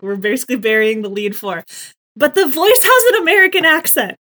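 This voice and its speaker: A woman co-hosting a fan podcast, chatting excitedly with lots of "like" fillers. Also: mid-range voice. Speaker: podcast co-host. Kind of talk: casual chat.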